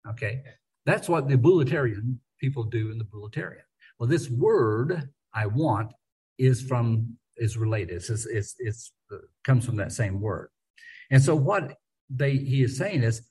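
Man, Bible study teacher, husky voice, mid pitch, conversational, repeats words, emphatic. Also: animated, measured pace, darkish tone, low-quality recording.

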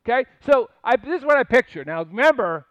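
Older male pastor, high voice, chatty sermon with asides; dry, slightly dull recording. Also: very animated, brisk, a bit bright, dry recording. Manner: conversational storytelling with asides and rhetorical questions.

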